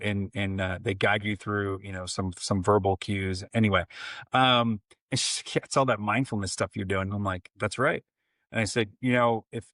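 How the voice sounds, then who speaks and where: A man's voice: on the low side, fairly bright tone, dry recording. A man in his forties, a coach and podcast guest, telling family stories in a casual interview and acting out the lines of the people in them. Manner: storytelling, many restarts, acts out quotes.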